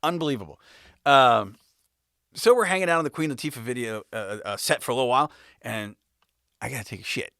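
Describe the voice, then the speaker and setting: Bright-voiced man telling a wild story. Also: mid-range voice, lively intonation, fairly quick, gravelly, long pauses, no echo, studio quality. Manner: laughs often, swears, talks in bursts with restarts. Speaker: music video director. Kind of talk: casual anecdotal storytelling.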